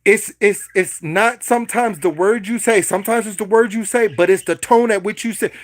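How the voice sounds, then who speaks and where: High-voiced man preaching to his livestream chat. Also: moderate pace, dry recording. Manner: preachy, repetitive, addresses viewers directly. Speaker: livestream host. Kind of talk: casual livestream talk to chat.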